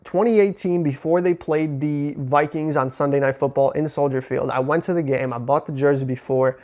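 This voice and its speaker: A young sports vlogger from Chicago, USA, gives casual, excitable football commentary full of fillers and slang. His voice runs on the high side at a moderate pace.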